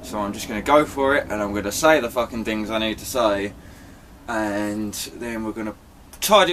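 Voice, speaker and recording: A man's voice: on the low side, lively intonation, moderate pace, fairly bright tone, a little hiss or hum. A man giving a rambling, apologetic vlog update, chatty and swearing now and then. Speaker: vlogger.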